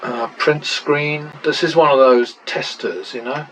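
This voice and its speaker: A man talks through practice casino betting in an unhurried, deliberate way. He mutters running tallies and breaks in with wry exclamations. A faint ambient hum sits behind his voice. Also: a little high, fairly even intonation, fairly bright tone, poor audio. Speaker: channel host.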